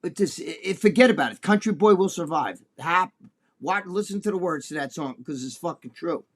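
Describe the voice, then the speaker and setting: He speaks with a fairly high pitch, expressively and a little fast. As a podcast co-host, he keeps the chat casual and profane, blunt and crude, voicing the other characters in the stories he tells.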